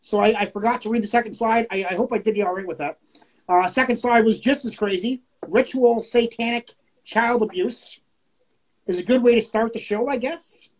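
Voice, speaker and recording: A woman's voice: fairly high pitch, normal speed, a little mellow, poor audio. A woman from Canada co-hosting a poetry show over a video call, talking in a laid-back way and swearing casually. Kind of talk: casual chat.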